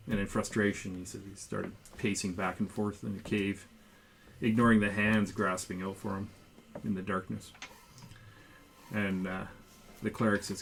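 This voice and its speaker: A man narrating a tabletop game as the game master, telling the story at an unhurried pace with occasional fillers. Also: low-pitched, little pitch movement, creaky, a bit bright, slight background noise. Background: background music.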